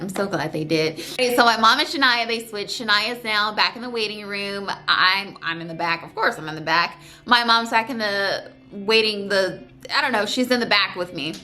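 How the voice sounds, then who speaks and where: Bright-voiced woman vlogger telling a story. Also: medium pitch. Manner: emotional, tearful at times, holding back crying; animated storytelling with voiced quotes. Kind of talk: casual storytime vlog.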